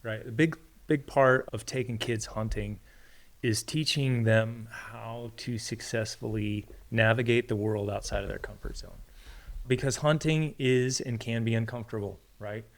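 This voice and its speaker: A man's voice: mid-range voice, a little slow. A man, a podcast guest and hunter, telling stories in an earnest, conversational way. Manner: earnest, storytelling with acted quotes. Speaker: hunter and parent. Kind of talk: casual storytelling conversation.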